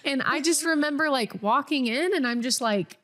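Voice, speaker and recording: A woman's voice: high-pitched, expressive, normal speed, a bit bright. A woman in her twenties, a podcast co-host, telling a personal story candidly with lots of "like.". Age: 20s. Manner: candid, filler-heavy with frequent "like".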